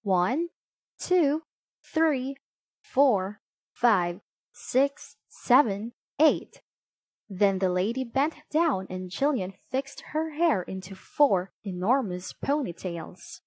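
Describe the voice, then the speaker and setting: A woman reading a children's picture book aloud in a slow, expressive storytelling way. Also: on the high side, dry recording. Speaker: storybook reader.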